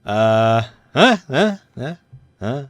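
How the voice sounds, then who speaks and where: A man commentates live on a strategy game, reading each event aloud in a put-on American accent that keeps slipping. Between readings he chats loosely with his viewers. His voice sits at a middle pitch and is recorded dry and close, with no room sound. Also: very animated, very slow, no room sound. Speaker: streamer playing a strategy game.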